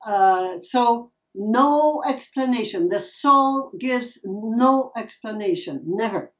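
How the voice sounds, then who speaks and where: A woman giving a reflective spiritual talk and answering questions, soft-spoken, often searching for words and repeating herself. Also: on the high side, expressive, takes it slowly, distant mic, rough recording. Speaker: spiritual speaker.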